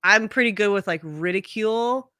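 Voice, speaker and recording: Woman, young adult, stream guest, casual profane chat, mid pitch, dry sound. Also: moderate pace, pushed and bright, no room sound. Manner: effusive, swearing, laughing, chatty.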